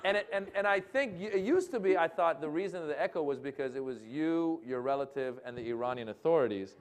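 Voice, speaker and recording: A comedian on a talk-forum stage telling stories casually, restarting sentences and breaking into loud, animated bits of mimicry. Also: male voice, fairly high pitch, fast, slight background noise. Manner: animated, self-interrupting, loud mimicry in jokes. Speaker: comedian and guest speaker. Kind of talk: casual conversational storytelling. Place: lecture hall forum with audience.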